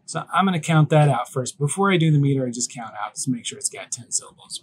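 A man's voice: medium pitch, expressive, quick pace, hardly any pauses, crowd noise. A man teaching a recorded online class, talking casually and thinking aloud as he works through an example step by step.

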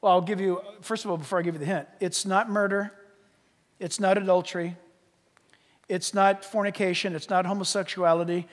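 A man pastor preaching a sermon in church, asking the congregation questions and swinging between loud emphatic lines and quiet asides. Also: high-pitched, fairly even intonation, a little fast, long reverb tail. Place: church sanctuary.

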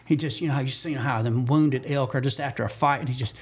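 A man from Georgia with a Southern accent, a podcast guest telling a hunting story in an animated way and acting out the quotes with sudden jumps in pitch. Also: fast, slightly rough. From Georgia, USA. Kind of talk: animated storytelling in casual conversation.

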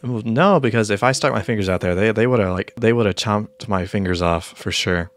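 A male streamer gives loose, joking commentary while he plays. He rambles, mock-complains and talks back to the game in a fairly low voice. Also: normal speed. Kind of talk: casual gameplay commentary.

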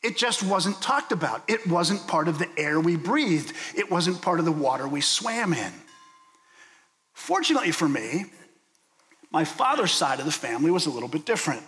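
A man's voice: fairly high pitch, very animated, normal speed, fairly bright tone. A man from Pittsburgh preaching a sermon as pastor, telling stories and asking the listeners questions. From Pittsburgh, USA. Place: church sanctuary. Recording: long hall reverb.

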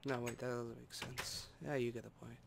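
A man's voice: mid-range voice, level tone, normal speed, vocal fry, slight background noise. A man rambling casually through gameplay commentary, full of hums and asides. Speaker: let's play host. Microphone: desktop microphone. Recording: music playing loudly in the room.

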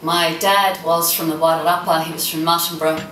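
A woman's voice: low voice, level tone, a little fast, a bit bright. A woman in her fifties who grew up in New Zealand, giving a humorous, passionate conference talk. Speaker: keynote speaker. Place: conference hall. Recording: echoey hall, mic at a distance, faint noise.

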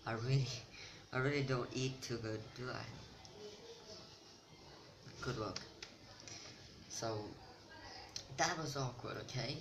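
In this noisy home recording, a teenage boy talks to the camera with a mid-range voice, steady and slow, full of vocal fry and frequent pauses. His chat rambles, pokes fun at himself, and keeps drifting off track.

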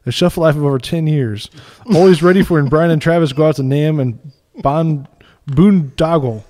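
A man co-hosting a podcast in casual chat, chatty and quick to laugh as he tells loose stories. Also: fairly high pitch, mellow. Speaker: podcast co-host.

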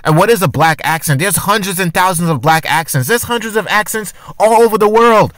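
A man's voice: sits high, lively intonation, fairly quick, a bit bright, dry recording. A man giving casual opinion commentary for his channel, arguing his point with rhetorical questions and frequent restarts. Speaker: commentary vlogger.

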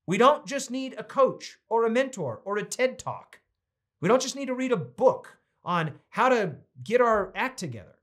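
A middle-aged male pastor with a fairly high voice teaches a Bible study. He preaches with conviction and then slips into a chatty, playful tone as he reads out viewers' comments. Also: big pitch swings, moderate pace, fairly bright tone.

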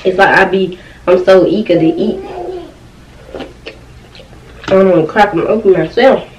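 Eating on camera at home with her children close by, a young woman vlogger reviews food in an easygoing, chatty way, often murmuring "mm" between bites. Her mid-range voice moves unhurriedly, captured from a distance in a roomy off-mic recording with a little hiss or hum.

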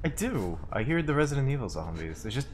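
A man's voice: mid-range voice, very animated, quick pace, a little hiss or hum. A man giving joking, profane let's play commentary while playing a game, laughing often.

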